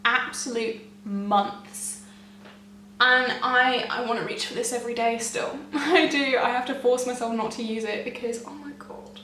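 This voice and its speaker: A young woman gushing excitedly to camera as a beauty vlogger, chatty and often laughing. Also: on the high side, unhurried, slight background noise. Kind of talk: casual chat to camera. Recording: echoey room, mic at a distance.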